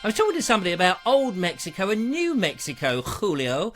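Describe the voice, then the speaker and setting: A man's voice: high-pitched, wildly swooping pitch, fast, fairly bright tone, faint music behind. A man hosting a live online show, chatting in a playful, jokey, theatrical way. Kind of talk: casual live-stream chat.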